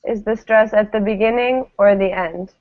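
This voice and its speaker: A woman's voice: medium pitch, fairly even intonation, normal speed. A woman teaching English pronunciation to a class, patiently modelling each word for students to repeat. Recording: tinny phone-like classroom recording.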